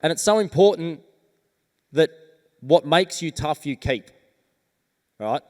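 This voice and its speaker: A man's voice: on the high side, lively intonation, slow, darkish tone. A man giving an earnest, rallying motivational talk on stage as a keynote speaker. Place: large conference hall. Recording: reverberant conference hall.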